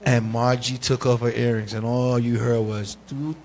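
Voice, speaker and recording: A man hosting a casual talk show, telling animated stories and acting out quotes. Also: mid-range voice, moderate pace. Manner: animated storyteller, acts out quotes. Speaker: host. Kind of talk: casual chat, storytelling.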